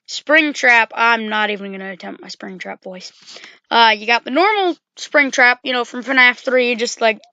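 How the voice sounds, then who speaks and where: A woman's voice: fairly high pitch, moderate pace, bright, forceful tone, no room sound, dull audio. A woman giving casual, rambling game commentary, full of fillers and self-corrections.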